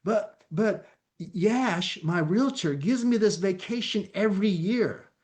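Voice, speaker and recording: A man's voice: high-pitched, takes it slowly, pitched above the performer's own voice. A man voicing a cheerful middle-aged uncle who brags about a free vacation. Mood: boastful. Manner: excited, boastful.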